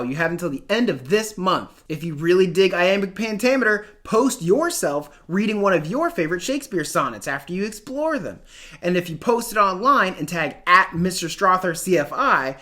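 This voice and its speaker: Playful, bright-voiced man teaching a lesson. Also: sits high. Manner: jokey, slangy, sing-song chanting.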